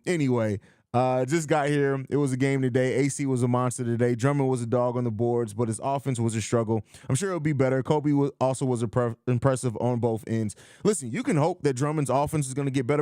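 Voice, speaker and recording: A man hosting a live sports chat in a casual, blunt manner, speaking with emphasis and reacting to viewer comments. His voice sits at a middle pitch for a man. The sound is dry and close, with no room echo. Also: a little mellow. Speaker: podcast host.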